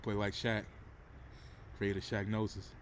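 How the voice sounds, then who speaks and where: A man doing an impression of a huge basketball star, with a slow, breathy drawl that sounds out of breath. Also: on the low side, little pitch movement, slight background noise, lightly acted. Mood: boastful.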